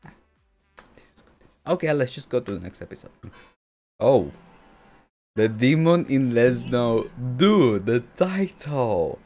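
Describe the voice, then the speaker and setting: Excitable man reacting to anime. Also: mid-range voice, takes it slowly, pauses often, soft background music. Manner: excitable, rambling, breaks into laughs and exclamations. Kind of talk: casual reaction commentary.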